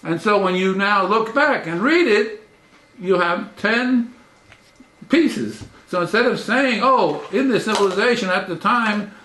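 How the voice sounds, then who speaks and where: A man, a professor, giving a lecture in a halting way, restarting phrases and stressing words with sudden rises. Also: expressive, sharp tone, reverberant. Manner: halting, with repeated restarts and frequent pitch jumps for emphasis.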